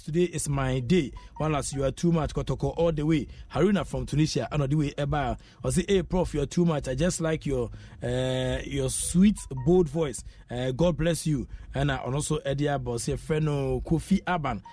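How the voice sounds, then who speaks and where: A man's voice: on the high side, warm tone. A man with a Ghanaian accent hosting a radio sports show, reading out listener messages in a chatty way and dropping in local phrases. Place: radio studio.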